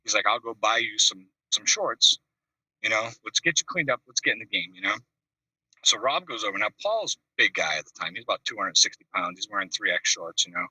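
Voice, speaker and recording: A man telling a long, animated funny story on a video call, acting out voices and laughing at his own tale. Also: on the low side, brisk, breathy edge, dry recording. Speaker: call-in show host. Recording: dry video call audio, distant from the mic.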